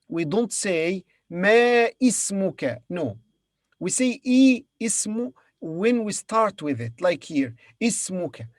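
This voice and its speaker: A man's voice: sits high, no echo, clean studio sound. A man teaching Arabic to beginners, patiently sounding out each word and repeating it for his learners. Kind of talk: beginner language lesson.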